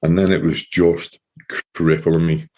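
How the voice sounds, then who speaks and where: A low-pitched man telling his own story as an interview guest. His voice is mellow and dark, and he speaks in earnest, halting runs, often repeating himself as he goes. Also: level tone. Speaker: guest, former soldier. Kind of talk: personal testimony in an interview.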